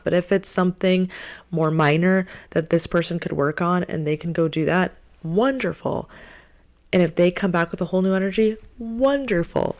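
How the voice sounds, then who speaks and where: Earnest woman vlogger, lowish voice. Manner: earnest and animated, repeats phrases for emphasis. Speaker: relationship advice vlogger. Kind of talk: heartfelt advice vlog talk.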